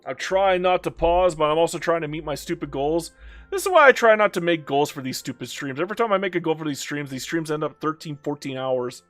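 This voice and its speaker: A man's voice: a little high, animated, fairly quick, a bit bright, faint music behind. A young man commenting on his own strategy game during a long live stream, talking to himself and the game, groaning and joking, worn out after many hours of play.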